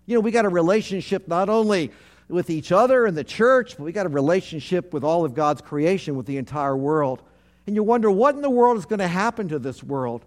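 High-voiced man preaching a sermon. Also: animated, fairly quick. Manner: call-and-response preaching, congregation repeats phrases; earnest, repetitive emphatic phrasing. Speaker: pastor.

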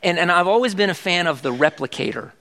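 Middle-aged pastor guy, pretty high voice, chatty sermon, keeps asking the crowd questions. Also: lively intonation, quick pace, bright, forceful tone. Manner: conversational preaching with rhetorical questions to the congregation.

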